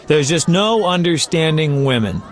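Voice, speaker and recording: A flamboyant bard played by a man chatters on in a teasing, talkative way, his voice sitting slightly high. A faint crowd murmurs behind him, as in a game tavern scene. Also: animated, normal speed, lightly acted. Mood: lively. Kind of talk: video game voice acting.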